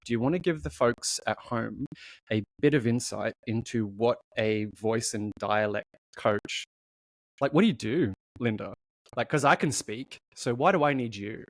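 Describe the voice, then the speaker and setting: A man's voice: mid-range voice, expressive, normal speed, no echo. A man hosting a podcast, talking in a chatty way and often breaking off his own sentences. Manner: chatty, self-interrupting. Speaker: podcast host. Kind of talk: casual chat.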